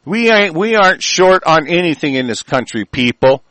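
A man giving angry, profane ranting commentary in reaction to the news, with shouted bursts and many halting fillers. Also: on the high side, lively intonation, no echo, rough recording.

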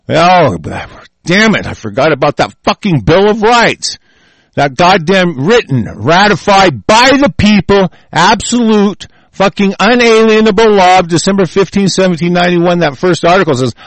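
A man reading lines aloud and answering them in a profane, angry rant, swinging between loud outbursts and low muttering. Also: animated, moderate pace, dry recording. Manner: reads lines aloud then rants with heavy swearing. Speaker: vlogger reacting to a text.

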